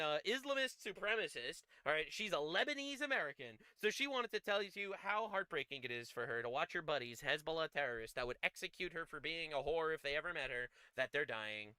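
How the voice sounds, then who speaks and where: A man hosting a live stream, giving mocking commentary on clips with loud excited outbursts. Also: a little high, clean tone, no room sound.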